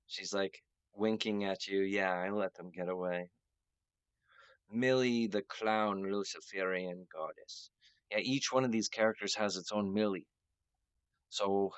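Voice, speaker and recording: A man with a fairly low voice talks to camera in a halting, rambling way, full of fillers and false starts. At times he slows into solemn phrases set out one by one. The sound is dry and dull, like a lo-fi home recording. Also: clear, resonant tone, no echo. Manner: slow, solemn declaiming in short phrases. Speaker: video host.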